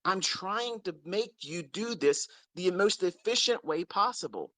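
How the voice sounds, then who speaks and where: A trading mentor, a man, rants at his followers with a bluntness full of curses, hammering each point twice. His voice sits a little high and leaps widely as he scolds. The sound is close and dry, with no room around it. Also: expressive, measured pace, a bit bright, dry recording. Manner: blunt, scolding, heavily profane; stresses points by repeating them. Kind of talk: unscripted ranting lecture to followers.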